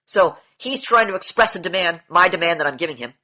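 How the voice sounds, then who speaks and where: Blunt bright-voiced male coach lecturing. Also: high-pitched, expressive, a little fast. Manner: blunt, lecturing, repeats key phrases, swears now and then. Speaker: demand training coach. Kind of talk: online coaching session lecture.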